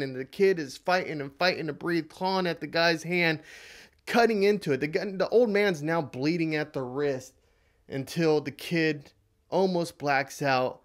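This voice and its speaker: A man vlogger telling a motivational story in an animated, dramatic way. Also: on the high side, moderate pace.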